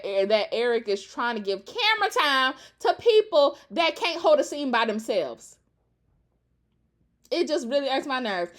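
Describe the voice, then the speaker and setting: A woman's voice: sits high, a bit bright. A young woman in a casual, profane rant reacting to a TV show, sassy and exasperated.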